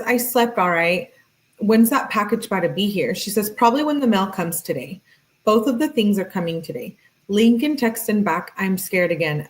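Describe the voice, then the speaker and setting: A woman's voice: medium pitch, poor audio. Woman reading text messages aloud. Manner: plain read-aloud delivery broken by offhand asides. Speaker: channel host.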